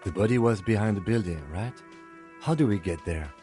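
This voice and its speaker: An actor playing a composed, formal police lieutenant in a video game, speaking in a clipped husky voice. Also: male voice, fairly low pitch, brisk, mellow, faint music behind, lightly acted. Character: calm precise male police lieutenant.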